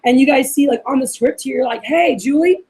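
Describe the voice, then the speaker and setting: A woman's voice: high-pitched, flat delivery, fast, darkish tone, poor audio. A woman running a workplace training session for receptionists, chatting casually and acting out sample phone calls. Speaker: office manager training receptionists.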